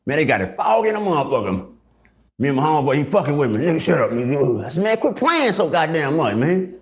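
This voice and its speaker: Middle-aged man for a gritty interview, animated and profane, jumps into the voices of the people in his stories. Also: a little high, quick pace. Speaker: guest. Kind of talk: casual storytelling interview.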